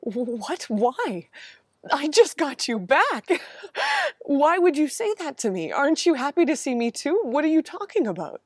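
A woman's voice: mid-range voice, animated, measured pace, a little mellow, no room sound, studio quality. A woman playing a grieving follower. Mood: pleading. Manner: intense, emotional storytelling. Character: grieving woman follower, searching and then overjoyed. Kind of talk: first-person dramatic monologue.

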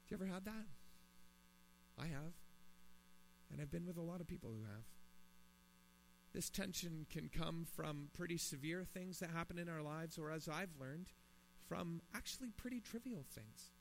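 A man's voice: on the high side, expressive, normal speed, vocal fry, long pauses. A man preaching a sermon in his thirties or forties, earnest and building to emphatic pleas. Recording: long reverb in a hall, mains hum.

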